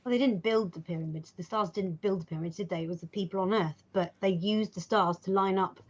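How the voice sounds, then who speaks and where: A woman's voice: mid-range voice, fast talker, a little mellow. A woman co-hosting a casual chat, teasing and dry. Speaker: co-host. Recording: dull, muffled sound.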